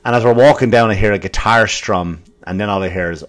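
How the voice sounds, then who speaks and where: Irish guy ranting on his comedy podcast, swears a lot, gets loud then mutters. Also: lowish voice, fast talker, few pauses. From Ireland. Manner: profane, ranting, swings between loud bursts and muttered asides. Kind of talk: comic storytelling rant.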